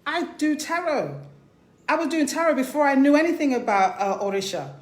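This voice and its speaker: A woman's voice: high voice, very animated, fairly quick. Passionate woman in an echoey room. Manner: passionate, conversational, emphatic with rhetorical questions. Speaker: spiritual teacher and priest. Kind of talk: informal spiritual talk.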